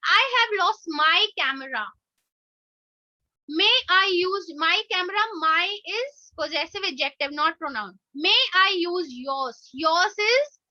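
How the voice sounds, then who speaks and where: High bright-voiced woman teaching grammar. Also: no room sound. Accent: Indian English. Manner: explains step by step, repeats sentences slowly. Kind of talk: online grammar lesson. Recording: dull, dry lo-fi recording.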